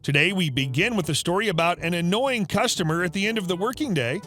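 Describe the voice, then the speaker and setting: A man reads reddit stories in a scripted, upbeat way. His voice sits high and swings freely in pitch, and faint music plays behind him. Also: expressive, fast, bright, forceful tone. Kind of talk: scripted narration.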